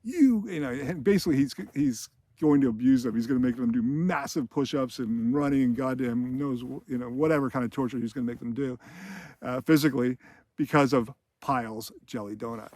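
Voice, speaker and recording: A man's voice: medium pitch, steady tone, brisk, darkish tone, no room sound. A man hosting film commentary, retelling scenes casually, rambling with chuckles and fillers.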